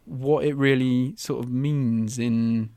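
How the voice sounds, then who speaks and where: A man's voice: mid-range voice, fairly even intonation, takes it slowly, warm tone, clear, resonant tone, no echo. Young male co-host, clean resonant voice, opinionated casual chat, dry sound. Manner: opinionated, steers the discussion. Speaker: podcast co-host.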